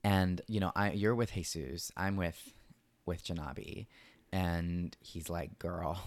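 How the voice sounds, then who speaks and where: Very deep-voiced man, animated storyteller. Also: slow pace, no room sound. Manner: animated storyteller who acts out quotes, swears, drops Spanish words. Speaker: podcast co-host. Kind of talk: casual storytelling chat.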